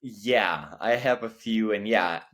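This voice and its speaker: Slow, deep-voiced American man. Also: fairly bright tone. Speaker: English teacher. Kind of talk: casual conversational lesson.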